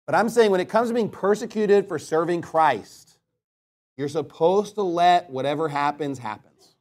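A man with a notably high voice preaches a blunt, fiery sermon. He swings between loud emphasis and quiet asides, and slows to a solemn cadence when reading scripture. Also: slight background noise. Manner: reads scripture in slow, solemn tones. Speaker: pastor.

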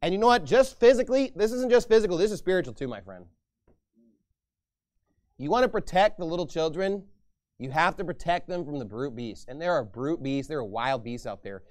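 A man's voice: a little high, animated, a little fast, darkish tone. A man pastor preaching a sermon in an emphatic, repetitive style.

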